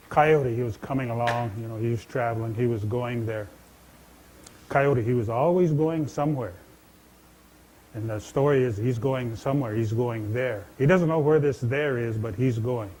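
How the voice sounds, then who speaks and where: A man's voice: mid-range voice, moderate pace, long pauses, darkish tone, low-quality recording. A man telling traditional legends to a live audience from a stage, folksy and conversational, speaking straight to his listeners. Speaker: storyteller and speaker. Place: stage in a large indoor venue.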